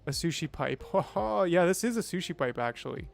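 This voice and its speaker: A man's voice: fairly high pitch, expressive, a little fast, gravelly. A man streaming a game, chatting casually and thinking aloud, with playful sound effects. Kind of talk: casual gameplay livestream chat.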